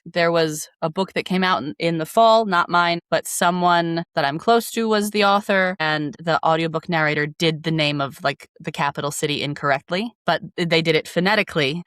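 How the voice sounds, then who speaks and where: A woman with a fairly low voice chats about her narration work, leaning on "like" as she goes. The sound is close and dry, with no room around it. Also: fairly bright tone, smooth, no echo. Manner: chatty, many "like" fillers, demonstrates voices in passing. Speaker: audiobook narrator guest. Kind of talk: casual interview chat.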